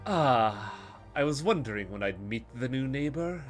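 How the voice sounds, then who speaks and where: A man voicing a cultured, smooth-talking male Russian smuggler who is polite, measured and faintly menacing. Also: lowish voice, big pitch swings, fairly bright tone, soft background music. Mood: courteous.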